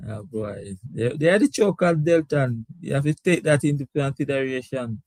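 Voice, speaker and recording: A man's voice: mid-range voice, a little slow, a little mellow, no room sound. A man hosting a casual live sports talk stream. He laughs often and reads out viewer comments. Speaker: sports talk show host.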